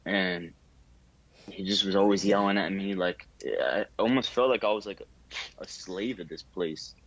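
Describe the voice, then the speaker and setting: A man's voice: deep voice, unhurried, fairly bright tone, no echo, rough recording. A young man, a barber, telling his story in a casual interview, laid-back with many fillers and acted-out quotes.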